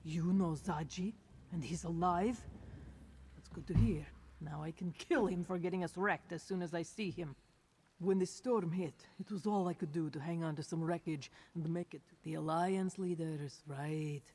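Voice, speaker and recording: A woman's voice: fairly low pitch, moderate pace, dark tone, husky. A woman voicing a tough, fight-loving feline warrior woman in a video game, with a blunt, predatory manner. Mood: gruff. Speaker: game character.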